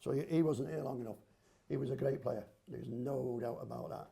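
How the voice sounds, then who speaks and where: Brisk and gravelly, his mid-range voice carries a dark tone as this older man, a grandfather and podcast guest, rambles through football stories. He's homely and talks in casual local slang, chatting and storytelling.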